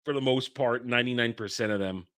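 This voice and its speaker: A man's voice: mid-range voice, fast, a bit bright. A man hosting a livestream, ranting in a heated way with frequent stumbling restarts. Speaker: host.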